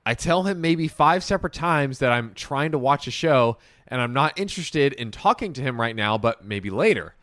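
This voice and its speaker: A man's voice: mid-range voice, expressive, normal speed, few pauses, fairly bright tone, dry recording, clean studio sound. A young man co-hosting a casual chat, reading a story aloud and then talking it over in a laid-back way.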